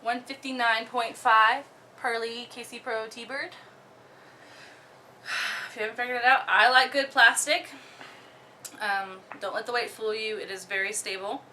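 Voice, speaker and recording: Slow, bright-voiced young woman. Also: fairly high pitch, a little hiss or hum. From Oklahoma, USA. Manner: relaxed, many ums, giggly. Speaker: disc golfer showing her bag. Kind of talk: casual show-and-tell.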